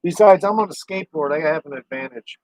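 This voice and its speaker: A man's voice: fairly high pitch, quick pace, a little mellow, no room sound. A man chatting casually on a live stream, rambling to his viewers and his dog. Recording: dry, dull lo-fi sound.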